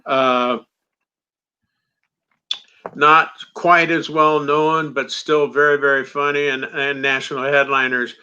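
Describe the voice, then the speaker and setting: A man's voice: mid-range voice, little pitch movement, slow pace, long pauses, sharp tone, clear, resonant tone. A male comedian guest in a casual interview, rambling with lots of fillers. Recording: dull lo-fi audio.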